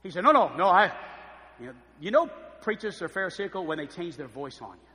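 A man preaching a sermon, telling lively stories and acting out the voices of the people in them. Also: fairly high pitch, fast talker, long reverb tail. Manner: animated storytelling, acts out voices. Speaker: pastor. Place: church.

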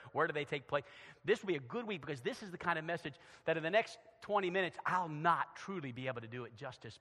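A man preaching a sermon in a church, dramatic, swinging between loud passages and hushed ones. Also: fairly high pitch. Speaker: pastor. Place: church sanctuary. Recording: long hall reverb.

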